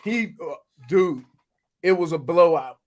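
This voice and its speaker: A middle-aged man co-hosting sports radio, telling animated stories and laughing often. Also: fairly high pitch, measured pace. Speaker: sports radio co-host, former NFL player. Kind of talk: casual sports talk.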